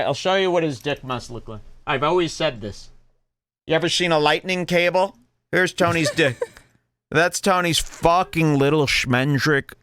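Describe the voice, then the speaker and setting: Podcast host guy, sarcastic, pitch jumps all over, dry close mic. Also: no room sound. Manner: sarcastic, animated. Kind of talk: mocking commentary on a clip.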